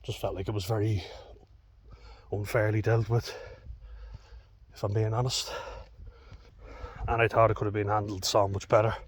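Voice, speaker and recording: A man's voice: fairly low pitch, level tone, moderate pace, pauses often, a little hiss or hum. A man telling a personal story in a blunt, candid way, swearing often. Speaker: vlogger.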